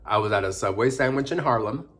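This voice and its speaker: A man casually telling personal stories to the camera in a chatty, animated way. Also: medium pitch, quick pace. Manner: chatty, animated, with dramatic outbursts. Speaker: vlogger. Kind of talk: casual storytelling vlog.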